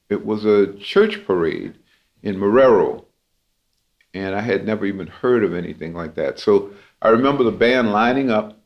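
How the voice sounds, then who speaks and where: Low-voiced New man telling stories. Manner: relaxed, reflective anecdotal telling with fillers. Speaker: jazz clarinetist and historian, interview guest. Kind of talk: storytelling in an interview. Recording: muffled lo-fi podcast audio.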